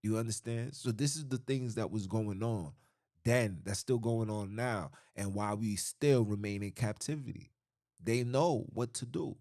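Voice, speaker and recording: A man's voice: fairly low pitch, a little slow, mellow, no room sound, studio quality. A man delivering an emphatic, preachy podcast monologue, often repeating himself and restarting phrases. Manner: emphatic, repetitive, frequent restarts. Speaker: podcast host.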